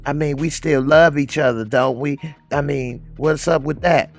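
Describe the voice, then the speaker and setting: A man's voice: on the high side, fairly even intonation, moderate pace, faint music behind, voice pushed up, lightly acted. A man doing a brash, sassy matriarch. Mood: pleading. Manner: brash, repeats "okay". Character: sassy bold middle-aged woman, matriarch.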